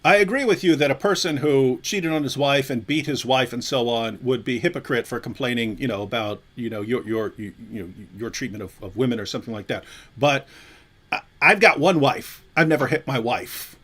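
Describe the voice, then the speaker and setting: A man hosting a livestream, calmly reasoning through points in a conversational way. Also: mid-range voice, fairly quick. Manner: reasoned, conversational, explains with examples. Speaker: livestream host. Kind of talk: casual commentary.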